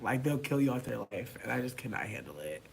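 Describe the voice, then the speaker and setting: Lively, foul-mouthed man vlogging casually. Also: mid-range voice, fast, creaky, slightly rough. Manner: animated and profane, swinging from loud outbursts to mumbled asides. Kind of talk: casual chat to camera.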